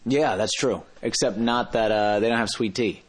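A man's voice: lowish voice, moderate pace. A man telling a travel story in a casual interview, rambling and often correcting himself mid-sentence. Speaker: interview guest.

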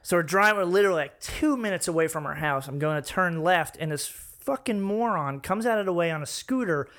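Man, high voice, bright tone, animated storyteller, casual chat, swearing. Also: brisk. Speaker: storyteller guest.

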